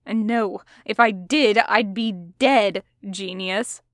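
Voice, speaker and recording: A woman's voice: mid-range voice, slow, no room sound, clean studio sound, close to an everyday voice. Woman doing a brash, commanding young man. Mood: snappish. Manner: snappish, forceful orders.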